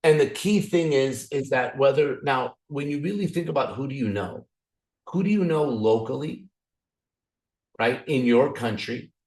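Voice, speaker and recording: A raspy man leading a motivational training call, excitable, swinging up and down and restarting his sentences often. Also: unhurried. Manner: excited, repetitive, frequent restarts; swings up and down in pitch. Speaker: business opportunity trainer.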